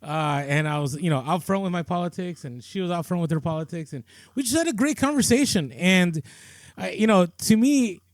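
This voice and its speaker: A man's voice: sits high, expressive, a little fast, no echo. A man co-hosting a podcast, telling a story in a loose, chatty way with lots of fillers and restarts. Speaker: podcast co-host. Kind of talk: casual storytelling chat.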